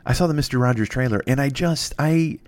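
A man's voice: mid-range voice, a little fast, no echo. A man hosting a podcast in a rambling comic monologue, profane and self-mocking, often stammering and restarting his sentences. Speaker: podcast host.

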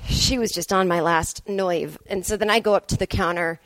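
A woman's voice: mid-range voice, fast talker, hardly any pauses, no echo. A woman comedian hosting her podcast alone, telling a rambling story in a sarcastic, self-mocking way. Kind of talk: solo storytelling monologue. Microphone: podcast microphone.

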